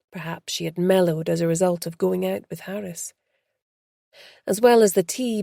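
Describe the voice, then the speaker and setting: This audiobook is narrated by a woman whose voice is low-ish, gravelly and mellow, paced evenly and with measure. A close microphone yields a dry, dead recording.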